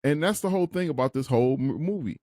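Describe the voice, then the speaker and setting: A man co-hosting a casual movie review podcast, talking loudly and swearing freely as he riffs. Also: medium pitch, fast, dry recording, clean studio sound. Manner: loud, animated, swears freely. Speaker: podcast co-host.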